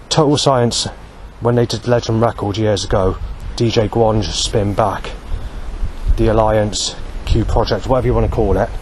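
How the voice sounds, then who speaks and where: Brief: low-voiced man, rambling vlog monologue, faint street noise behind. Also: a little mellow. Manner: rambling, with many fillers. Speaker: vlogger. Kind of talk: walking monologue. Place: outdoors on a street.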